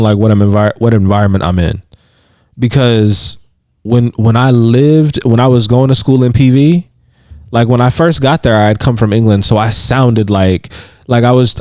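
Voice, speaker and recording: A man's voice: medium pitch, dark tone, no echo, clean studio sound. A man co-hosting a podcast in casual chat, rambling with plenty of "like" fillers and frequent laughs. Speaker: podcast co-host. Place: indoors on a couch.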